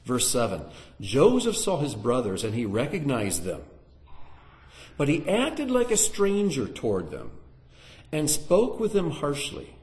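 In an echoey room, a man with a medium-pitched voice gives a sermon-style Bible lesson before a live audience, speaking a little slowly. He stays animated throughout, questioning the people listening.

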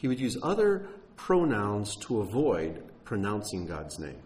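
Earnest man preaching, low voice. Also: wildly swooping pitch, measured pace, a little mellow. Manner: earnest, emphatic, with fillers and self-corrections. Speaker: teacher of a Messianic congregation. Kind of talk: sermon teaching.

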